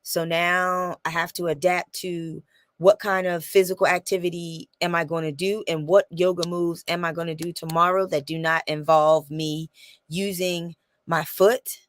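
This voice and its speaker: Low-voiced woman telling a lively story. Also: moderate pace, no room sound. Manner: animated storytelling, acts out quotes and repeats phrases. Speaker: vlogger. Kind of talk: casual chat to camera.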